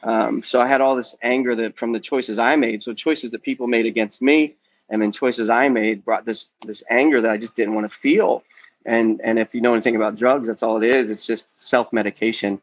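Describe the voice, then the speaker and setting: A man's voice: medium pitch, fairly even intonation, brisk, dry recording, poor audio. A man in his forties, a youth ministry guest, candidly sharing his personal testimony in a podcast interview. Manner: earnest, candid, peppered with "um" and "man".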